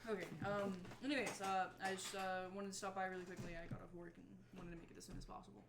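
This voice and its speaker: Woman tabletop player, friendly and halting, lots of fillers, loud room noise and echo. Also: on the low side, level tone, creaky. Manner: hesitant, filler-heavy, friendly. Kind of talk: in-character tabletop role-play.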